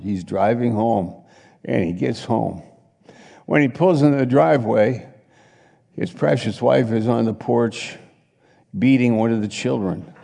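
Middle-aged male preacher, slow and dramatic, gravelly, in a church hall with a long echo. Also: medium pitch. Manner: animated, swings between loud exclamations and quiet asides. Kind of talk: sermon with acted-out scenes.

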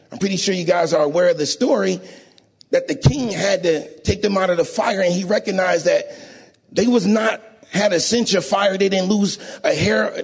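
A man preaching a sermon in a church, emotional and rising to sing-song shouts, often asking the congregation to agree. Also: high voice, vocal fry, breathy edge. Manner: call-and-response, asks audience to agree.

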